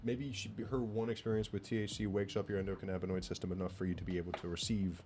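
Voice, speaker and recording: A man's voice: low voice, little pitch movement, fast talker, darkish tone, slight background noise. A laid-back man telling a rambling story in casual podcast chat, swearing now and then. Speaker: podcast co-host.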